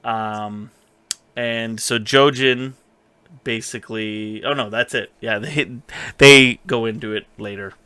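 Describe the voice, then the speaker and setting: A man chats through a TV episode on a podcast, rambling and tossing in quick quotes of the characters. His voice is bright and crisp. It sounds dry and close to the mic. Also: lowish voice, fairly even intonation, dry recording. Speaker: podcast co-host recapping a TV episode. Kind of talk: casual chat.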